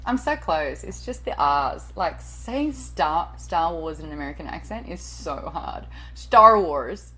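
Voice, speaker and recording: A woman's voice: deep voice, very animated, moderate pace, few pauses, low-quality recording. A woman in her late thirties, a TV and radio host and voice-over artist, answering interview questions in a chatty, self-deprecating way with the odd swear word.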